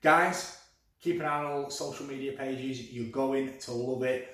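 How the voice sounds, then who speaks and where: A man's voice: mid-range voice, steady tone, a little slow, a bit bright. A man who owns a shop, chatting enthusiastically on a podcast and repeatedly calling his listeners guys. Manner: enthusiastic, repetitive, keeps addressing listeners as guys. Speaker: shop owner promoting his store on a podcast. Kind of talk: promotional podcast chat. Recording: echoey room, far from the mic, music behind.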